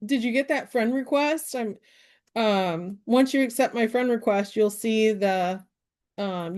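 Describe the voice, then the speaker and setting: Lady doing a live business training, chatty and animated, lots of ums, mid pitch. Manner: chatty, animated, many fillers. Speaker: network marketing trainer. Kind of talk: live-stream training talk.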